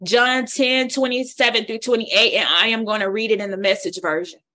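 A woman leading a Bible study, preaching with a lively exhorting style and colloquial speech. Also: on the high side, moderate pace. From United States. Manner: exhorting, call-and-response, colloquial.

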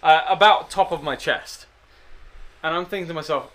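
A young man tells a story at a casual chat. His voice sits a little high and sounds bright and forceful. He swears freely, stays animated and makes fun of himself. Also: normal speed, slight background noise. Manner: sweary, animated, self-mocking. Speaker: podcast guest storyteller.

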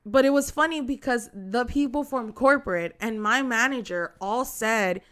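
A woman's voice: a little high, normal speed, smooth. A young woman in casual chat, animatedly telling a story and acting out the people in it. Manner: animated storytelling, acts out quoted customers.

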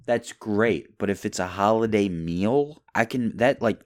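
A young man from Kentucky with a very low, smooth voice, talking on his own podcast. He rambles from one thought to the next, casual and unscripted, into a close, dry-sounding mic. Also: lively intonation, unhurried, hardly any pauses, darkish tone, dry recording. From Kentucky, USA. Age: young adult. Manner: rambling, tangent-hopping, lots of "like". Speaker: podcast host. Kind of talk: casual solo podcast chat.

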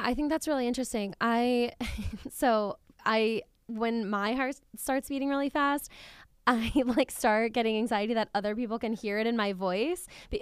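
A woman hosting a casual podcast conversation, chatty and quick to laugh. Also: on the high side, clean tone, no room sound, studio quality.

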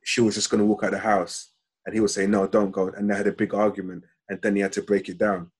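A man talking casually on a podcast, halting and often repeating words. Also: on the low side, level tone, husky.

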